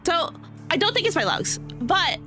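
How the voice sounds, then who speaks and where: A woman's voice: extremely high pitch, sing-song, moderate pace, sharp tone, slight background noise. A woman streamer chatting casually with her audience, rambling with many fillers and restarts, her throat a little dry. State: dry throat, clearing it now and then.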